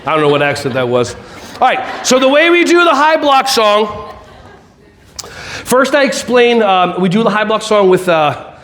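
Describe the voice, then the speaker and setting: High-voiced, animated man giving a keynote. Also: measured pace. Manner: animated, jokey, sings and shouts along with the crowd. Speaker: keynote speaker. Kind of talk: energetic keynote talk with audience participation.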